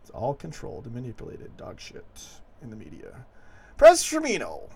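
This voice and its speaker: A man hosting a late-night fan livestream, rambling and animated as he reads viewer comments. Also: medium pitch, normal speed, vocal fry, breathy edge. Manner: rambling, animated, chuckling asides. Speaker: host of a fan call-in show.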